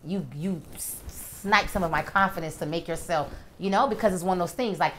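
A woman from Miami talking in a casual interview as the guest, an animated storyteller. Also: fairly low pitch, fairly quick, slight background noise. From Miami, USA. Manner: animated storyteller, acts out quoted voices.

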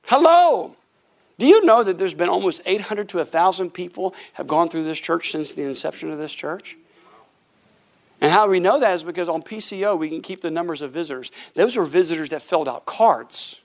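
Middle-aged man, pastor preaching a lively storytelling sermon, higher-pitched voice, plays the other voices himself. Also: fairly quick. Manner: animated storytelling, acts out voices, laughs often.

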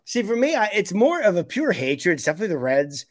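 A man's voice: high voice, sing-song, fast talker, no room sound. A man co-hosting a casual sports podcast, opinionated and blunt, rambling with restarts. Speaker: podcast co-host.

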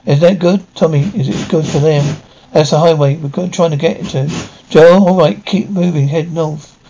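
A man reading dialogue and sound cues of a TV episode aloud in an even, unhurried way, on a slightly muffled lo-fi recording. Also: a little high. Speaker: narrator reading an audio description of a TV episode.

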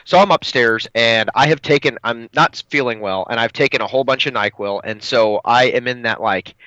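A man's voice: mid-range voice, moderate pace, no room sound, dull audio. A man in his thirties co-hosting a podcast, telling a story in casual chat and acting out the voices he quotes. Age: 30s. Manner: animated, acts out quoted voices, laughs often. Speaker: podcast co-host.

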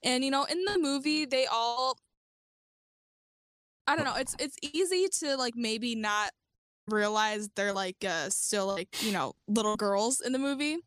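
A woman's voice: a little high, expressive, unhurried, a bit bright. A woman guest on a casual movie review podcast, talking hesitantly with lots of fillers.

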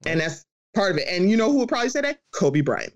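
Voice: mid-range voice, fast. A podcast host talking in a casual, heated chat, swearing freely and acting out other people's voices. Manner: animated, profane, acts out quoted voices.

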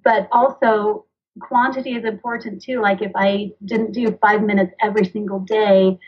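Woman, thirties, husky voice, earnest rambling chat, dull lo-fi sound. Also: medium pitch, fairly even intonation, normal speed. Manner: earnest, rambling, acts out dialogue. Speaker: podcast guest, author and mother. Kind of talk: conversational interview.

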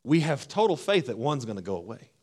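A man preaching a sermon, swinging from hushed, low phrases to loud, emphatic ones. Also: very animated, fairly quick. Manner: preaching with wide swings between hushed and loud, acting out voices. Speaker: pastor.

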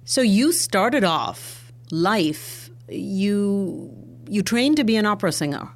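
A woman hosting an interview, introducing her guest in a measured way. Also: mid-range voice, lively intonation. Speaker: podcast host.

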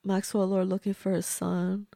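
A woman's voice: medium pitch, level tone, moderate pace, vocal fry, warm tone, dry recording. A woman, host of a movie review show, chatting casually and exclaiming at the screen as she watches along.

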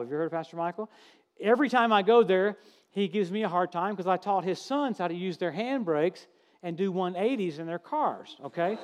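A man delivers a sermon to a church congregation. His voice sits high for a man, and he tells stories with folksy humor and lively, animated energy. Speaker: preacher. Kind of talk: sermon with storytelling.

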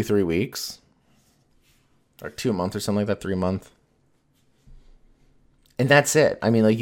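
A man chatting casually as a podcast host, rambling and swearing freely with lots of fillers. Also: fairly low pitch. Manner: rambling, profane, filler-heavy. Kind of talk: casual chat.

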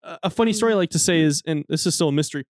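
A man's voice: on the high side, very fast, dry recording. A man co-hosting a podcast, telling stories in a casual, profane, laughing way. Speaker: podcast co-host. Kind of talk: casual chat.

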